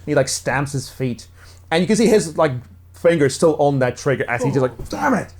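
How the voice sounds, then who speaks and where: A man's voice: on the high side, moderate pace, a little mellow. A man narrating as game master in a casual, rambling way with many fillers. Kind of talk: narrating a tabletop role-play.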